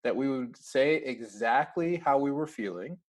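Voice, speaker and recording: A man's voice: medium pitch, lively intonation, a little slow. A man talking as a podcast guest in a casual interview, chatty and laughing often as he acts out bits of dialogue.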